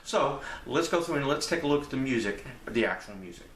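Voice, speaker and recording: A man's voice: medium pitch, brisk. A man in a mid-range voice walks through a piece of sheet music, talking in a loose, rambling way and breaking into scat syllables to show the phrasing. He sounds like a teacher at a music stand, and there is a faint hiss behind him. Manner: relaxed, rambling, scats phrases aloud. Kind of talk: casual instructional walkthrough.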